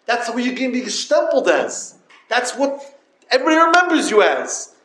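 Man, high voice, yeshiva lecturer, yeshivish english, echoey room. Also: big pitch swings, moderate pace, a bit bright. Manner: storytelling, addresses listeners directly; Yiddish-inflected yeshivish English. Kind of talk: Torah talk to yeshiva students.

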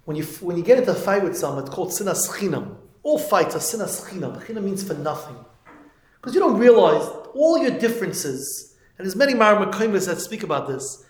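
Male preacher with a higher voice, animated storyteller, recorded in an echoey room. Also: a little fast. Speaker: religious speaker. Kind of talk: sermon storytelling.

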